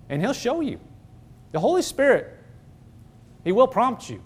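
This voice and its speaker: A man's voice: extremely high pitch, big pitch swings, moderate pace, pauses often, slightly rough. A man preaching a sermon as pastor, emphatic, throwing rhetorical questions at the congregation.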